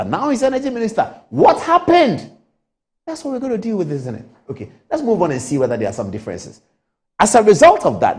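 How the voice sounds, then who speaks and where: A man's voice: sits high, a little mellow. A man hosting a TV current affairs show, giving political commentary in the studio with repetition and rhetorical questions.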